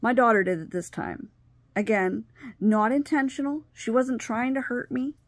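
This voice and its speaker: Gravelly-voiced woman telling a personal story. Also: a little high, moderate pace, dry recording. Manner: animated, acts out quoted dialogue, drops to whispers. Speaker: vlogger.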